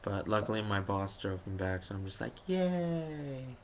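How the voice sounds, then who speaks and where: A man's voice: deep voice, little pitch movement, a little fast, a bit bright, a little hiss or hum. A young man telling a story about his day to camera, rambling and jokey, with lots of fillers and self-deprecating asides. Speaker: vlogger.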